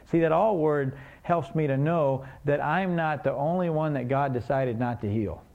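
A man with a gravelly voice preaching a sermon. He tells the story casually and keeps asking the congregation questions. The recording sounds a little dull and lo-fi. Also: on the high side, normal speed. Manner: conversational, asks the congregation questions.

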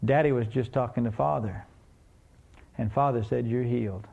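Gravelly-voiced man preaching a sermon. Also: mid-range voice, normal speed, a little mellow, highs cut off. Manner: conversational, asks the congregation questions. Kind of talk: sermon storytelling.

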